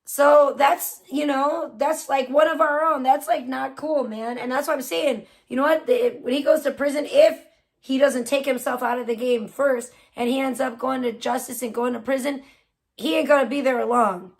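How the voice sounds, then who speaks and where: A high-pitched woman talks straight to her livestream chat. She swears freely and speaks bluntly and heatedly, like she's venting to friends from a home streaming setup. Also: steady tone, normal speed, creaky. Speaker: livestream host. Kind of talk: casual live-stream chat with viewers.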